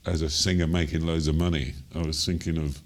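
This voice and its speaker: An older Cockney jazz singer from London tells stories from his life in an interview, rambling with plenty of ums and you-knows and chuckling as he goes. His voice is extremely low and his delivery flat and fairly quick.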